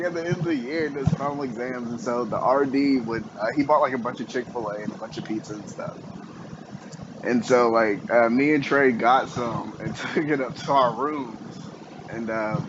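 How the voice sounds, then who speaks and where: A young man chatting casually, retelling a dorm story with an easy laugh. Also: mid-range voice. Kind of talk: casual chat. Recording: dull lo-fi audio with loud background noise.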